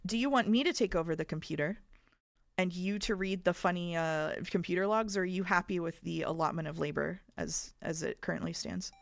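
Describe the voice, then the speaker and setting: A woman's voice: fairly low pitch, a little fast, creaky, no room sound, studio quality. A woman streaming a game, chatting casually with a co-player, joking and swearing often. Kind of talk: casual let's-play chat.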